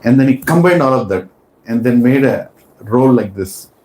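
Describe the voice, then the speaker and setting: A man telling a sacred story as a preacher in a temple hall, animated and asking his listeners questions. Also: medium pitch, normal speed. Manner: animated, asks the audience questions. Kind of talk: storytelling sermon. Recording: roomy hall with faint ambience.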